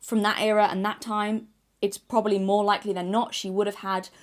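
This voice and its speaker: A woman's voice: mid-range voice, little pitch movement, a little fast. A woman from Yorkshire with a mild English accent, giving an opinionated video essay in a blunt style with casual asides. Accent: mild English, no strong Yorkshire accent. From Yorkshire, England. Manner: opinionated, blunt, sometimes swears.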